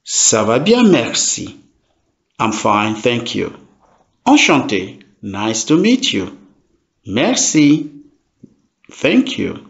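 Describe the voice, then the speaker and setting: Slow gravelly-voiced man teaching a lesson. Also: mid-range voice, huge pitch swings. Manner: slow, repeats each phrase carefully. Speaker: French teacher. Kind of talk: language lesson. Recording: dull lo-fi sound.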